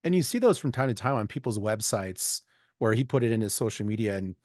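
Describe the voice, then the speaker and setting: A man hosting a podcast, adding a relaxed comment to the conversation. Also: lowish voice, fairly quick, no room sound, studio quality. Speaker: podcast host. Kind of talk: casual interview chat.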